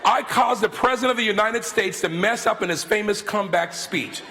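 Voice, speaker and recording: A man in his fifties giving a sermon as guest speaker, telling stories in an animated, theatrical way into a stage microphone in a large worship hall. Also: high voice, fairly quick. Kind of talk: sermon with storytelling. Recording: long reverb of a large hall.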